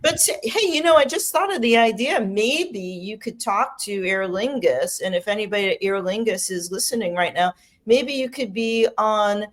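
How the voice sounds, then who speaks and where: Animated woman talk show host. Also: mid-range voice, moderate pace, hardly any pauses. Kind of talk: lively interview chat.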